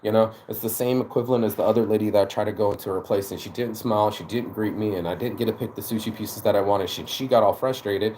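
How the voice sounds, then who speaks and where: A man's voice: on the low side, steady tone, fast talker, few pauses, a little mellow, a little hiss or hum. A man hosting his own channel, delivering a casual motivational monologue in a blunt, profane way, full of stammered restarts. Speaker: channel host.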